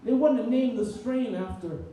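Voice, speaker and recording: A man's voice: extremely high pitch, normal speed, warm tone, a little hiss or hum, pitched above the performer's own voice. A young man voicing his old immigrant grandfather, insistent and lecturing, in an echoey room. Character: old immigrant grandfather, opinionated about ice cream. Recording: very echoey room, distant mic.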